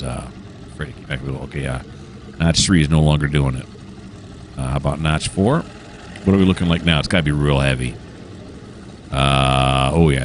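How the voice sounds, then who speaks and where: A man hosting a train simulator game, chatting casually and enthusiastically with many pauses and filler sounds. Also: very deep voice, a little hiss or hum. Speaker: train simulator gameplay host. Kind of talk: casual gameplay commentary.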